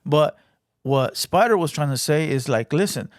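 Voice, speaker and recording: A young man with a Mexican-American accent gives casual, profane reaction commentary, checking in with "right?" and "bro". His voice sits a bit high, and the recording is dry and close with no room sound. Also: animated, normal speed, dry recording. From United States. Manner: blunt, profane, talks with many "right?" and "bro". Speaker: reaction channel host.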